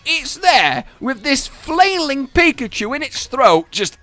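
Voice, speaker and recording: A man hosting a gaming video with animated, exasperated commentary that jumps between shouts and low asides. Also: slow pace.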